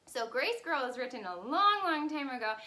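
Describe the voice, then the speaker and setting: A woman's voice: high-pitched, very animated, fairly quick, pushed and bright. A woman teacher in a video lesson for young children, cheerful and sing-song as she leads actions and songs. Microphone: camera in front of her.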